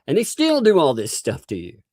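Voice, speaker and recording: A man's voice: a little high, huge pitch swings, a little fast, darkish tone, no room sound. A man hosting a casual livestream, reading court filings aloud with sarcastic asides and laughs.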